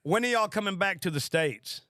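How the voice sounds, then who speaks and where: A man's voice: sits high, expressive, normal speed, sharp tone, dry recording, clean studio sound. A man hosting a podcast, with a South Texas accent, chatting enthusiastically and often repeating words. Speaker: podcast host. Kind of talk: casual podcast chat.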